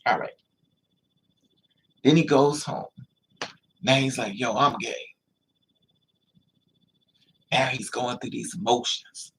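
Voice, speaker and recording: Gravelly man telling an animated story. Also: medium pitch, measured pace, long pauses. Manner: animated, acts out other people's lines; repetitive, emphatic. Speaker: vlogger. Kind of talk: storytelling monologue.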